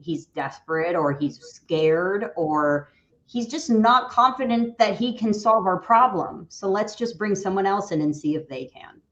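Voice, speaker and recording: A woman's voice: mid-range voice, animated, measured pace. Woman, career coach, wry and explanatory, lo-fi video call sound. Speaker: career coach, resume writer. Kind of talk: casual video-call chat.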